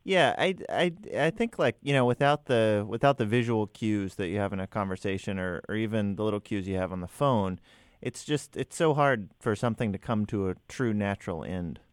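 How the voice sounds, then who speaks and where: A man hosts a radio advice show, chatting casually and joking with his co-host and callers. His voice sits a little low. It is recorded dry and close, with no room sound. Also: a little fast, hardly any pauses, clean tone, no room sound. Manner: playful, joking. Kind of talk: casual chat.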